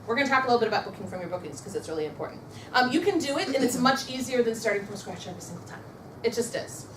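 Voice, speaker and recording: A woman's voice: on the high side, big pitch swings, racing, echoey room, recorded from a distance, background noise. A woman leading a motivational sales training session, upbeat and coaching, and having her audience repeat affirmations after her. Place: meeting room with a live audience.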